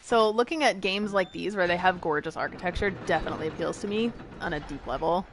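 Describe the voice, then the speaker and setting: A young woman from the United States streams a game and chats casually with her viewers, giggling and rambling as she goes. Her pitch is fairly low and she talks quickly. There's noise in the background.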